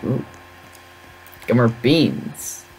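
Game commentary host, middling pitch, lively and theatrical, talks back to the game. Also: very slow, slight background noise. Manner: dramatic, over-the-top reactions to the game. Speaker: gaming channel host. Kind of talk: gameplay commentary.

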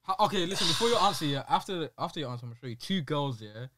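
A young man guesting on a podcast, chatting casually in slang, with loud teasing outbursts. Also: a little high, expressive, very fast, background noise. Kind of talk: casual chat.

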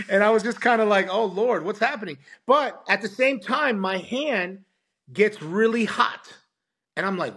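A man's voice: sits high, normal speed, slightly rough. A man, a pastor, telling a testimony as a podcast guest and acting out the voices of the people in it. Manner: animated, acts out quoted voices. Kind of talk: storytelling testimony.

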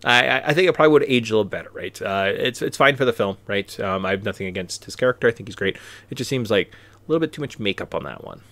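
A man's voice: on the low side, expressive, fast, a bit bright, no room sound. A man hosting a podcast, chatting casually and rambling, often tagging his points with "right?". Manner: rambling, tag questions. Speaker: podcast host. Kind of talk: casual chat. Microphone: podcast mic.

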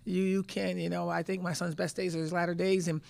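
Woman coach in her 50s at a presser, gravelly fry in her voice, emphatic, keeps restarting words. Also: fairly low pitch, flat delivery, a little fast, darkish tone. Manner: emphatic storyteller, repeats words while thinking. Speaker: head basketball coach. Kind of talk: press conference answers.

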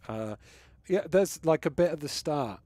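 A man's voice: on the high side, expressive, measured pace, mellow, no room sound. A British man hosting a live game stream, chatting casually and joking with some swearing. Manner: chatty, swears freely, jokey. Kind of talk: casual chat while gaming live.

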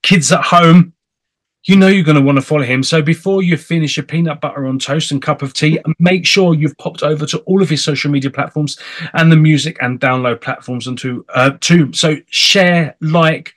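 An English man hosting an interview show in a casual, chatty way, animated and playful. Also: fairly high pitch, moderate pace. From England. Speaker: host. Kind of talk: casual chat.

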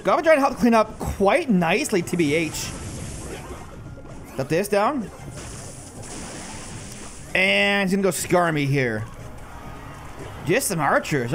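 A man in his thirties giving goofy, self-mocking live commentary over a mobile game, often dropping into silly low voices. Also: big pitch swings, measured pace, long pauses, fairly bright tone, soft background music. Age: 30s. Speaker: gaming YouTuber.

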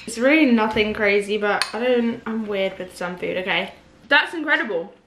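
A woman's voice: medium pitch, normal speed, a bit bright. A young woman vlogging about her day at home, rambling and poking fun at herself. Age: young adult. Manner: rambling, self-mocking and chatty. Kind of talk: casual vlog chatter. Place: home, indoors.

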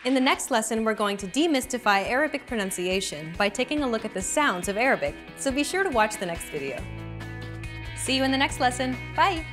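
A woman hosts a language lesson and reads her script with a voice that rises and falls a lot. Her pitch sits a little high, and she cheers the learner on with short prompts. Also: very animated, a little fast, over music. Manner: bright, encouraging teacher prompts.

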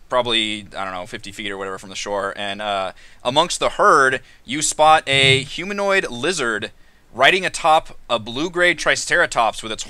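A man's voice: medium pitch, pushed and bright, no room sound. A man narrating a tabletop game as dungeon master, casual with fillers.

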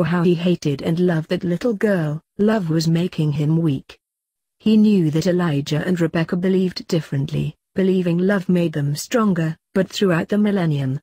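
A woman reading fanfiction aloud in a steady storytelling voice. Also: lowish voice, normal speed, slightly rough, no echo. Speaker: fanfiction reader.

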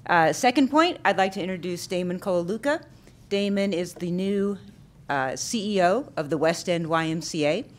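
A woman speaks on behalf of a community organization, promoting an event in an upbeat, friendly way. Her voice sits slightly low. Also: lively intonation, normal speed. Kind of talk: public announcement at a council meeting.

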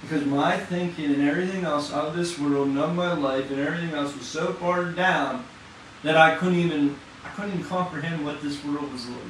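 A man preaching an informal sermon in a fast, excited, conversational way, with casual slang. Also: a little high. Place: church hall. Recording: echoey room from far off, faint noise.

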